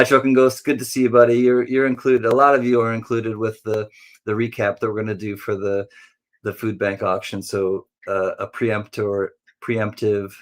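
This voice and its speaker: A man hosting a casual livestream who greets viewers one by one in a friendly, rambling way and now and then jumps into silly high voices. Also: moderate pace.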